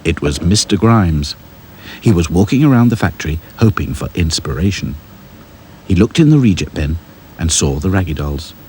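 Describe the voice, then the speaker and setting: A man narrating a children's storybook in a lively, sing-song way. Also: deep voice, normal speed, a little hiss or hum. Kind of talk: storybook reading.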